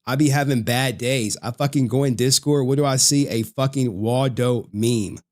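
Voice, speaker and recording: Profane, heated livestream host. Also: male voice, medium pitch, normal speed, darkish tone. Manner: profane, heated, swearing constantly. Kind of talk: casual livestream rant.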